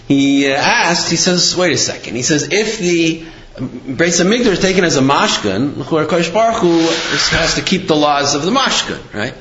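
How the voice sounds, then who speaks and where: A man teaching a religious lesson in an animated, conversational way, telling stories to make his points. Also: a little high. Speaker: Torah teacher. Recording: roomy, slightly dull recording with faint noise.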